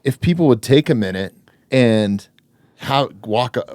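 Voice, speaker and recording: A man hosting a podcast, chatting in a relaxed, reflective way with many fillers. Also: medium pitch, a little slow, no room sound. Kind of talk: casual conversation.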